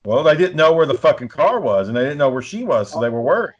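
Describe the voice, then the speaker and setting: A man's voice: mid-range voice, big pitch swings, fast, breathy edge, muffled recording. A man telling rambling stories on a podcast, swearing a lot and stammering. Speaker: podcast co-host. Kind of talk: casual podcast storytelling.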